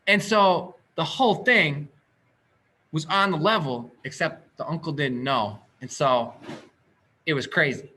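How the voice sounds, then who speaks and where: A man telling a story in casual chat as a podcast host, animated and acting out the dialogue with quick asides. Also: fairly high pitch, a little hiss or hum.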